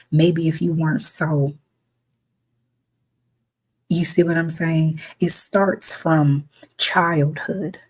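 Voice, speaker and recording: With a low, darkish, slightly rough voice, the female host of a reflective talk speaks in an emphatic, conversational way, at times voicing the people she quotes.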